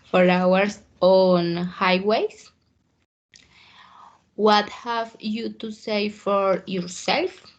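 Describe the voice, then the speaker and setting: Woman reading aloud very slowly. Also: medium pitch, fairly even intonation, dull audio. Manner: slow, careful, halting reading. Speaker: student.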